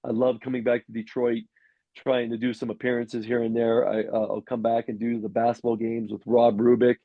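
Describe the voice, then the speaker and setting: A man's voice: mid-range voice, level tone, a little fast, no room sound, narrow, tinny audio. A middle-aged man, a former pro quarterback, telling rambling anecdotes in a casual interview with many restarts and fillers.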